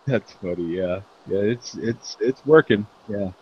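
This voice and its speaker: A man's voice: lowish voice, measured pace, breathy edge, muffled recording. A man hosting a casual beer chat show, laughing often and joking as he reads out tasting notes. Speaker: podcast host.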